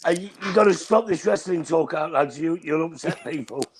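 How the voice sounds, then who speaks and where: A man's voice: a little high, fairly quick, poor audio. An English man joining a fan stream as a guest, teasing the hosts and telling stories. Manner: cheeky, teasing, storytelling. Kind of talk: casual live-stream banter.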